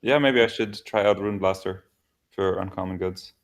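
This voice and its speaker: A man with a very low voice and a gravelly edge chats loosely on a livestream. He talks in a relaxed way, laughs a lot and swears now and then. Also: moderate pace. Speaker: developer co-host. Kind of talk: casual livestream chat.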